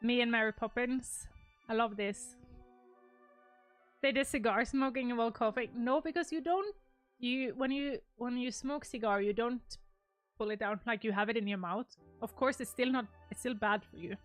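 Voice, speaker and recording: Young female streamer, higher voice, chatty and rambling with frequent laughs, faint music underneath. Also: moderate pace. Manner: gushing, rambling, laughs often. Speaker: streamer showing wedding photos. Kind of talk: casual live-stream chat.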